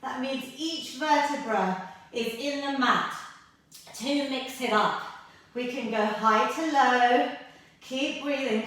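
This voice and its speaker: A woman's voice: high-pitched, slow, a bit bright. Breathless, encouraging woman fitness instructor, echoey. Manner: encouraging, coaching through exercises. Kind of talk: workout class instruction. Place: exercise space, on a mat. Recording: echoey room, voice from far off mic.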